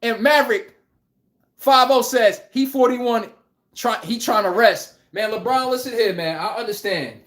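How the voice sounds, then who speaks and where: Blunt, animated man ranting, echoey room. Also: very high-pitched, a little slow. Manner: blunt, animated, swearing, laughing. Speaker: podcast host. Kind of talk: casual live-stream sports rant.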